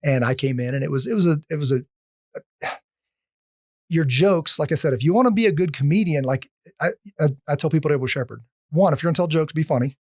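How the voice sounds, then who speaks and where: A man on a podcast as a guest, telling casual stories in an animated way, often restarting his sentences. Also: on the high side, fast, dry recording, clean studio sound. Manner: animated, acts out quoted lines, frequent restarts. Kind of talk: casual storytelling.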